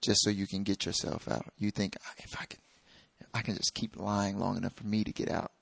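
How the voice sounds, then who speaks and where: A man voicing God as a calm, firm presence confronting someone about lying, in a sermon. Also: fairly low pitch, fairly quick, vocal fry, dry recording, pitched below the performer's own voice.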